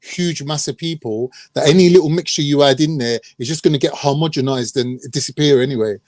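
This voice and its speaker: A man's voice: a little high, brisk, darkish tone, dry recording, clean studio sound. A man on a live online panel, bantering back defensively.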